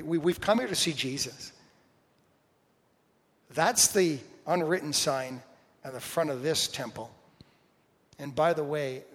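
A man preaches in a church sanctuary, his voice rising to loud declarations and then falling to hushed whispers. His pitch sits in a middle range. The sound carries the long reverb of a large hall. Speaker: pastor. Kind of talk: sermon.

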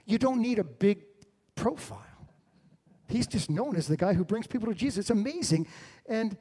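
A middle-aged man preaching a sermon, telling the story with lively swings between loud and hushed delivery. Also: sits high, moderate pace, slightly rough.

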